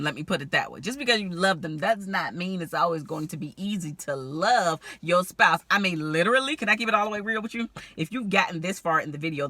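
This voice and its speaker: A woman with a very bright, forward voice giving relationship advice straight to camera. She talks candidly and with animation, often breaking into laughter. The sound is close and dry, with no room around it. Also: lowish voice, dry recording. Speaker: relationship strategist. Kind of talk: direct-to-camera advice vlog.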